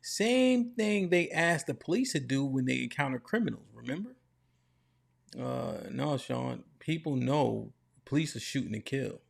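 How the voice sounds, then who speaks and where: A man hosts a live panel stream and reads out viewer donations, one after another. His voice has a gravelly, fry-tinged texture, and he sits at an average male pitch. His delivery is loose and slangy. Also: lively intonation, measured pace. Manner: reads donor messages aloud, casual slangy banter. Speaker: host reading superchats. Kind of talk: livestream panel talk.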